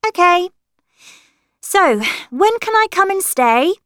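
Woman reader voicing a young girl, high and raw-edged, drawn out slowly. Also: very animated, no room sound, studio quality, heavily acted. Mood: hopeful. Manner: high, emotional, pleading then shouting. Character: upset young girl meeting her grandfather.

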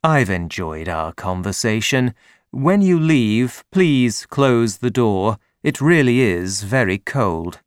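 A man reading an audiobook, voicing a calm, clever detective with a measured, dryly ironic manner. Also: mid-range voice, clean tone, no echo, clean studio sound.

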